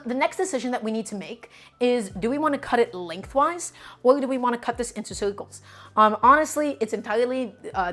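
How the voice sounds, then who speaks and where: A woman hosting a casual cooking livestream, chatty and reassuring as she works and answers chat. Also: mid-range voice. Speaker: cooking show host.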